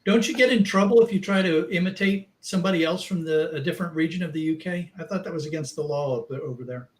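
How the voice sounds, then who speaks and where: A man's voice: a little high, slight background noise. A man joking and teasing in a casual chat. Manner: joking, quick to tease.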